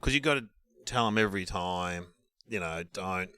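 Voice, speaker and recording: A middle-aged Australian comedian tells his gig stories with lively acted-out quotes. His voice is very bright and forward. The sound is dry and close to the mic. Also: low-pitched, moderate pace, smooth, dry recording. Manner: animated anecdotes with acted-out quotes. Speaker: comedian podcast guest. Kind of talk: casual chat, storytelling.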